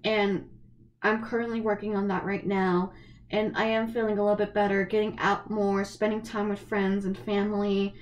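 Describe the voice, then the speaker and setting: This college-aged vlogger talks at a moderate pace in a mid-range, flat voice, with slight background noise behind her. Fighting back tears, her voice wavers as she earnestly delivers a personal, casual monologue, often starting over.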